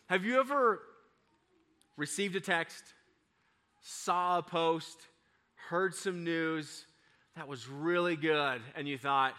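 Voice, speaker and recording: A middle-aged male pastor preaching a sermon, telling a family story with lively, animated delivery. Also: fairly high pitch, moderate pace. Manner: storytelling, acts out his children's excited voices. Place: church.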